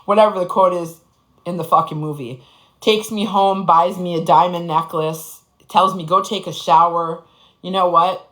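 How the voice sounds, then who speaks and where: In a rough recording, a forties-aged woman gives a heated, foul-mouthed personal testimony, circling back on phrases to stress them. She speaks at normal speed in a lowish voice with fairly even intonation and a fairly bright tone.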